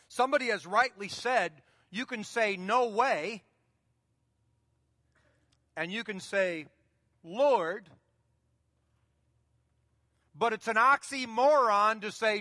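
A man preaches to his congregation in a high, bright voice, talking plainly and circling back to the same phrases. His words ring out with a long reverb, as in a large church hall. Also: slow pace, long pauses, clean studio sound. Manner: conversational preaching, repeats key phrases. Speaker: pastor. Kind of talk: sermon.

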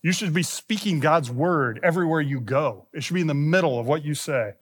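Pastor preaching in an echoing sanctuary. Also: male voice, a little high, expressive, brisk, slightly rough. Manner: preaches with rising emphasis on quoted scripture. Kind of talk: sermon. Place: church sanctuary. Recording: long reverb of a church hall.

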